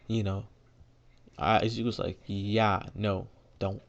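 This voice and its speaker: A man's voice: lowish voice, flat delivery, a little slow, pauses often, muffled recording. A young man casually retelling a fan-made story, rambling with lots of fillers and restarts.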